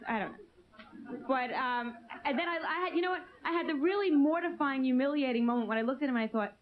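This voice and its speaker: Brash female stand-up working the crowd, a bit high, on muffled hissy VHS. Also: lively intonation, very fast. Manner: brash, teasing the audience. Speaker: stand-up comedian. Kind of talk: stand-up routine with crowd work. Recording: muffled old VHS tape with hiss.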